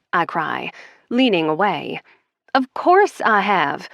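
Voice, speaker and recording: A woman's voice: medium pitch, big pitch swings, unhurried, vocal fry, fairly bright tone, no echo, studio quality. A woman narrating a first-person romance audiobook in a wry, conversational way.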